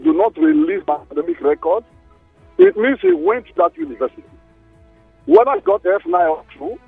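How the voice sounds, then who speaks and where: A Nigerian man calling in to a radio show, animated and hesitant, repeating himself. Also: high voice, vocal fry, slightly rough, dry recording. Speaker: caller. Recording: tinny phone line.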